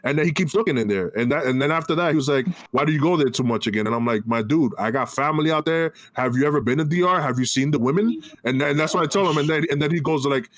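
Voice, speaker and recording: A Dominican man in his thirties, a podcast co-host telling animated stories and swearing freely, slipping into Spanish. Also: fairly high pitch, fast, hardly any pauses. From Dominican Republic. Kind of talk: casual chat.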